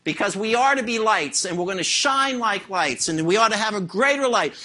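A man's voice: high-pitched, lively intonation, a little fast, hardly any pauses, bright, forceful tone. A man preaching a sermon as pastor, asking the congregation rhetorical questions.

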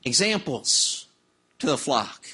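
Man, pastor preaching, sermon, rhetorical questions, bright clear tone. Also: mid-range voice, big pitch swings, takes it slowly.

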